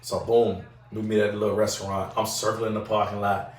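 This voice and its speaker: Male host, animated profane storyteller doing voices; roomy room, mic set back. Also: lowish voice, fairly quick. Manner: animated storyteller acting out other people's voices, heavy profanity. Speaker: podcast host. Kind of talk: casual storytelling chat. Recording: roomy sound from a distant mic.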